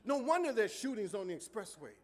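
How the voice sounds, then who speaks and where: A male pastor preaching a sermon in church. He calls out to the congregation for answers and swings between hushed lines and loud ones. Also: high voice, very animated, brisk. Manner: call-and-response preaching, swings from soft to loud. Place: church sanctuary.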